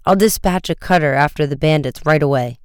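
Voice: medium pitch, fairly quick, clean tone, no echo, studio quality, natural voice. A narrator voicing an authoritative male Coast Guard lieutenant, giving orders in a commanding way.

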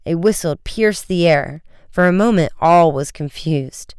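An audiobook narrator with a very smooth, resonant voice telling an adventure story at a brisk clip. The recording is close and dry, with no room sound around it. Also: mid-range voice, no room sound. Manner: brisk, vivid storytelling with raised shouts for dialogue.

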